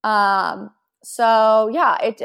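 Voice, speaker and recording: A woman's voice: on the high side, fairly even intonation, very slow, gravelly, fairly bright tone, clear, resonant tone. A young woman co-hosting a podcast, chatting casually and recapping celebrity gossip with quoted asides. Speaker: podcast co-host.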